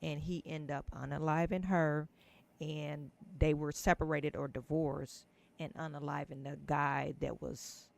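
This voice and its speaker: A man co-hosting a casual live-stream chat, telling a story in a laid-back, rambling way, recorded on a quiet mic with the gain too low. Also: level tone, unhurried, gravelly.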